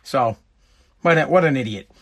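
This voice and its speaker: A man's voice: mid-range voice, animated, moderate pace, a little hiss or hum. A man with a Massachusetts accent hosting a show, ranting bluntly and with lots of profanity in casual commentary. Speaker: podcast host.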